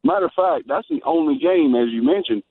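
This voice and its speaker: A man's voice: on the high side, huge pitch swings, a little fast, vocal fry, a little hiss or hum. A man calling into a sports radio show, talking in a rambling, conversational way. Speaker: radio guest on the phone. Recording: tinny phone line.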